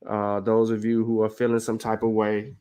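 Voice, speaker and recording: Low, even-toned man hosting a show. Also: moderate pace, clean tone. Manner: earnest, rambling with many fillers. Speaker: show host. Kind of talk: casual livestream talk.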